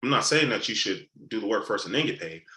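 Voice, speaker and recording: A man's voice: lowish voice, quick pace. A man teaching a live sales training session, acting out customer conversations and repeating key points for emphasis. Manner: animated, acts out customer dialogues. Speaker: sales coach. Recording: roomy echo.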